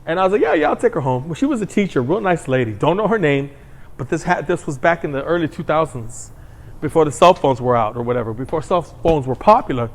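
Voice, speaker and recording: A man's voice: a little high, expressive, fast. A man hosting his own commentary show, ranting in a blunt, heated, crude monologue. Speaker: commentary host.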